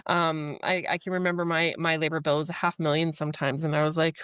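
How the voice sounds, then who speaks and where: A woman's voice: low-pitched, little pitch movement, fast, fairly bright tone, smooth, no room sound. A woman hosting a farm podcast, talking frankly and chattily and poking fun at her own past mistakes. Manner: frank, chatty, self-deprecating. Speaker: podcast host, former farmer. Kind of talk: casual podcast interview.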